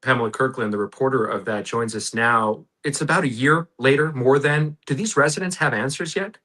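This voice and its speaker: Bright-voiced male talk show host. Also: medium pitch, brisk. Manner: conversational, dramatic storytelling.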